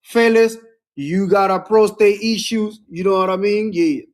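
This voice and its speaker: A man with a high-pitched voice talks straight into his phone on a livestream. He repeats his points and preaches at viewers. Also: measured pace. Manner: repetitive, preachy, calls out to viewers. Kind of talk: casual livestream talk.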